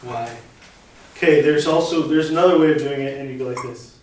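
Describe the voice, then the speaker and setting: A woman's voice: very deep voice, fairly quick, a little mellow. A woman teaching a casual class in a playful way, laughing often and acting out her examples. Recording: echoey noisy room from far off.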